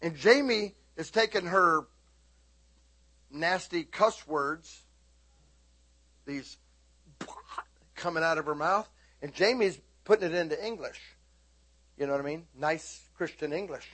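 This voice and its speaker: Husky high-voiced man preaching a sermon. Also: measured pace, long pauses. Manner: animated storytelling, sudden high shouting bursts; keeps checking in with listeners. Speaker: pastor.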